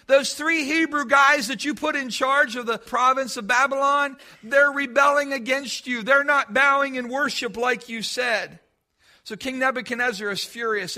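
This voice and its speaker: Bright high-voiced male preacher. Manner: emphatic, repetitive preaching cadence. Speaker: pastor. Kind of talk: sermon.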